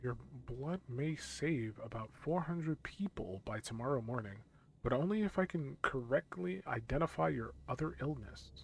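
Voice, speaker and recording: A man whispering as a hushed game doctor. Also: on the high side, expressive, gravelly, a little hiss or hum. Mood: calm. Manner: hushed, measured. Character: calm, probing male doctor. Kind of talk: whispered role-play.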